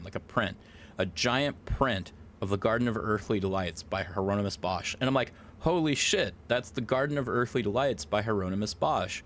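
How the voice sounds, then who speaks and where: A man streaming live, chatting casually in an excitable, rambling way and swearing a lot. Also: on the low side, a little hiss or hum.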